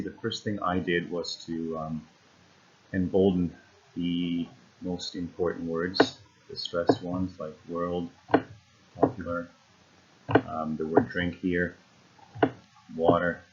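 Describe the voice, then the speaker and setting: Low-voiced man explaining a lesson. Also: lo-fi sound, noisy background. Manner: explanatory, repeats "again" and "basically", frequent ums. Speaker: instructor. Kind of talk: recorded lesson walkthrough.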